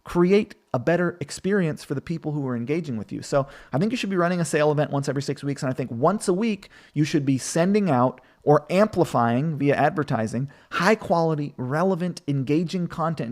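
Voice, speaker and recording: A man's voice: a little high, expressive, brisk, hardly any pauses, darkish tone. A man hosting a live stream, answering viewer questions about marketing in a loose, conversational way with plenty of fillers.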